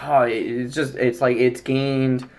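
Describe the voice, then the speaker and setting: A man co-hosting a podcast in casual chat, halting and full of fillers. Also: medium pitch, level tone, a little mellow. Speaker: podcast co-host.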